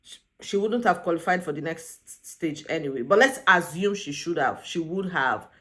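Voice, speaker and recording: A woman's voice: sits low, animated, normal speed, fairly bright tone. Young woman, recap vlogger, exasperated and sassy, mimics the people she quotes. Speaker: reality show recap vlogger. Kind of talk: casual opinionated recap commentary.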